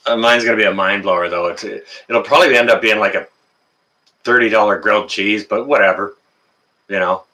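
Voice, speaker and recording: With a brisk, pushed and bright voice on the low side, a Canadian man runs a casual livestream. He calls out viewers in the chat by name and fills his chatter with fillers.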